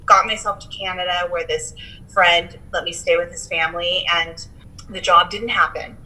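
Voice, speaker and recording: Guest, woman in her thirties, bright forceful tone, slightly low pitch, candid and motivational. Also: fairly even intonation, normal speed, low-quality recording. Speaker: podcast guest. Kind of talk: casual interview chat.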